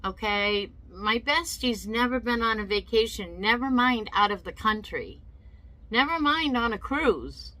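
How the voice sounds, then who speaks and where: A woman's voice: fairly high pitch, animated, unhurried, bright, forceful tone, no echo, rough recording. A woman telling a personal story in a casual vlog, emotional and indignant, often repeating herself. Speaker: vlogger.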